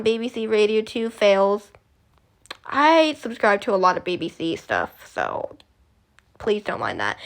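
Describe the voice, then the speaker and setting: Young woman, vlogger, casual rambling chat, slightly high voice, unhurried. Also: smooth. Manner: rambling, self-correcting, giggly.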